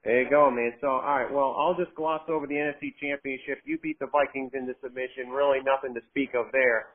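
A man hosts a casual podcast chat, joking and steering the talk with questions. His voice sits at a middle pitch. The audio is squeezed and narrow, like a phone call. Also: fairly even intonation, fast. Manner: jokey, leading questions. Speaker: host.

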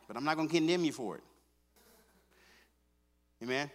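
A male pastor preaches in a church sanctuary. His voice sits a little high for a man and sounds bright and forceful. It carries a long reverb through the hall, and he swings from hushed, close talk to fervent, rising exhortation. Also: lively intonation, a little fast, pauses often. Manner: repeats phrases, conversational with fillers like "man" and "come on". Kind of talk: sermon.

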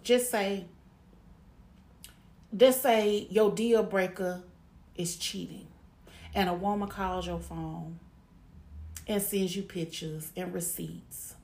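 Blunt gravelly-voiced woman giving advice. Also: medium pitch. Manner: frank, emphatic, repeats herself. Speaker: relationship advice speaker. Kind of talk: blunt monologue to women.

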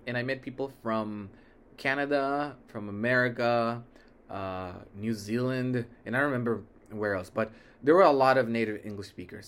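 A man's voice: mid-range voice, a bit bright. A young man from Mexico whose first language is Spanish, talking casually and rambling as host of a solo podcast, often correcting himself mid-sentence. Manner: rambling, self-correcting, easygoing.

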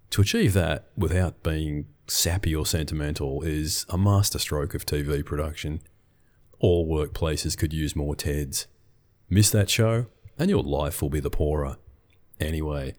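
A man's voice: rumbling low, a little mellow. A middle-aged man, telling a scripted business story in a dry, wry way. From Australia.

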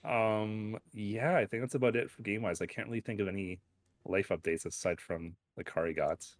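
Low-voiced man rambling on a call. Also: fairly even intonation, a little fast, no echo. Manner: rambling, trails off and corrects himself. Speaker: podcast co-host. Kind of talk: casual chat. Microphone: online voice call.

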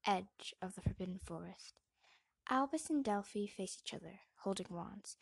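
A woman reading a play aloud, narrating the stage directions in a lively storytelling manner. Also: mid-range voice, unhurried, creaky, slightly rough, dry recording. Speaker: reader.

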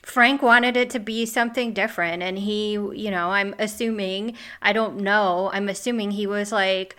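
A woman's voice: mid-range voice, unhurried, hardly any pauses, a bit bright. A woman who grew up in the Midwest, co-hosting a casual chat and musing aloud with hedges. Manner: chatty, hedging with "I'm assuming". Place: North Carolina.

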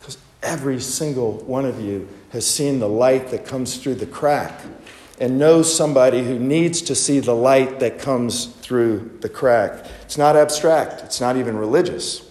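Slow-speaking pastor in an echoing hall. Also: male voice, mid-range voice, darkish tone. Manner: conversational, unhurried, with rhetorical questions. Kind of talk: Easter sermon with personal storytelling. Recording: echoey hall with long reverb.

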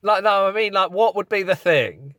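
A man's voice: high voice, normal speed, pushed and bright, dry recording. A man co-hosting a podcast in casual comedic chat, rambling as he sets up scenarios. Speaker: podcast co-host.

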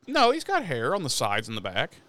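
A man's voice: medium pitch, a little fast, no room sound. A man casually recapping a TV episode, swearing freely and acting out the characters' lines. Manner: animated, swears a lot, acts out characters' lines. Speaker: podcast co-host recapping an episode. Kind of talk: casual profane recap chat.

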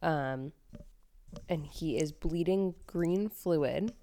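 A woman's voice: low-pitched, extremely slow, dark tone. A woman co-hosting a podcast, recapping a TV episode in casual chat with lots of "um" and "like". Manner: chatty, frequent "um" and "like". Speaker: podcast co-host.

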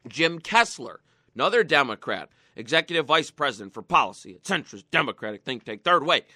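Guy hosting a political talk show, high bright voice, jumps all over the place, sarcastic rant, dry close sound. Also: big pitch swings, brisk, dry recording. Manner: sarcastic, mocking, fired-up ranting. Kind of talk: political commentary.

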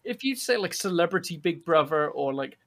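A man's voice: fairly high pitch, expressive, gravelly, a crowd in the background. A man, teasing and playful as a podcast co-host in casual chat. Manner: playful, teasing, quick to laugh.

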